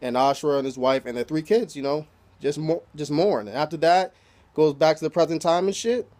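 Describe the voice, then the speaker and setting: Man, anime recap, rambling casual talk, lots of filler, fairly high voice. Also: a little fast, darkish tone. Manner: loose and profane, heavy "you know" fillers. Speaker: anime reviewer.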